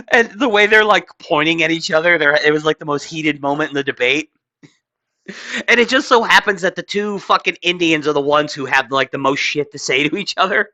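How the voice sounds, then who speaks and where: American dude cohosting a pod, swears constantly, stumbles over words, sharp bright voice. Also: male voice, on the high side, expressive, normal speed. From United States. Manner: profane, laughs often, stammering restarts. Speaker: podcast co-host. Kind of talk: casual crude political banter.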